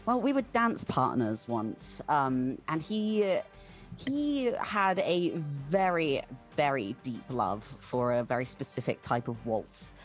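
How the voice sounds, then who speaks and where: A woman's voice: extremely low pitch, expressive, slow, faint music behind. A woman from Britain playing in a tabletop game, chatting casually and joking around. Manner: joking, loose. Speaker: player.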